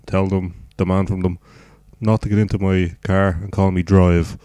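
An Irish man co-hosting a podcast, deadpan and dry, repeating himself to make a point. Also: deep voice, normal speed, smooth, no room sound. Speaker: podcast co-host. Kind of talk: casual banter.

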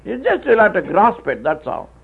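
A man preaching a sermon, with halting restarts, telling stories and acting out voices. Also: high-pitched, wildly swooping pitch. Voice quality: gravelly, husky. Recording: tinny phone-like old tape.

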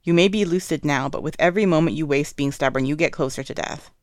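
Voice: mid-range voice, fast talker, dry recording, clean studio sound, natural voice. A reader voicing a blunt young woman healer who speaks in a stern, matter-of-fact way in a storybook reading.

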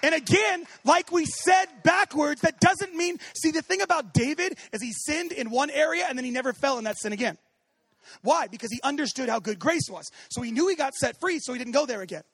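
A man preaching a sermon as pastor, animated, swinging from shouting to hushed tones and acting out quoted voices. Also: very high-pitched, brisk, no room sound.

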